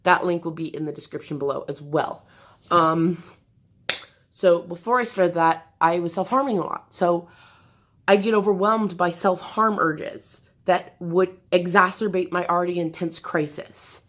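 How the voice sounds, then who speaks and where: A woman vlogger talking candidly to the camera from her bed, in a halting, hesitant way with many restarts. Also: lowish voice, a bit bright. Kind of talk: candid personal talk to camera. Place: bedroom, sitting on an air mattress.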